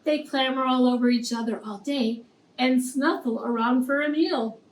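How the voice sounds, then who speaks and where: A woman's voice: high voice, moderate pace, slight background noise, lightly acted. A woman reading the lines of a caring mother pig watching her piglets. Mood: fond. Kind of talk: storybook reading. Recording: echoey room, distant mic.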